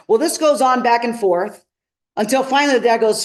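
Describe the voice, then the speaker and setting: Female seminar coach, higher voice, emphatic, engages the room with questions. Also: fairly quick, a little mellow. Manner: emphatic, asks the audience questions. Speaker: transformational coach. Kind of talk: live seminar teaching.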